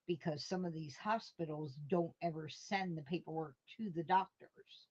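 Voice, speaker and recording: Chuckling at her chat between rambling stories, a woman hosts a casual live stream from home. Her fairly low, darkish voice moves at a moderate pace, and the recording has a dull lo-fi quality.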